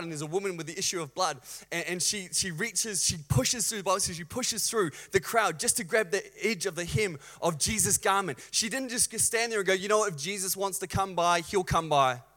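Energetic male preacher, fairly high voice. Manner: energetic preaching, swings from loud shouts to hushed storytelling. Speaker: pastor. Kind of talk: sermon. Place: church.

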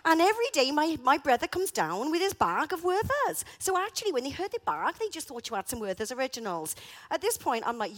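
A woman's voice: high-pitched, big pitch swings, a little fast. A middle-aged woman telling a comic story with dramatic flair, then drawing a reflective lesson from it. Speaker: speaker. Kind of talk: animated storytelling with a reflective moral.

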